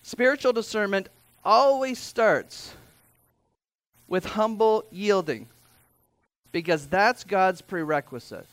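Pastor guy preaching, kinda high voice, chatty with little asides, dry close sound. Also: expressive, slow pace, long pauses, fairly bright tone, no echo. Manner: conversational, with asides and self-corrections. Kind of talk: sermon.

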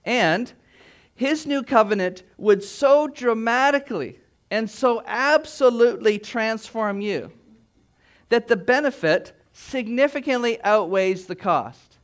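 Man, pastor, sermon, high-pitched, emphatic, rhetorical questions. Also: lively intonation, slow, a bit bright.

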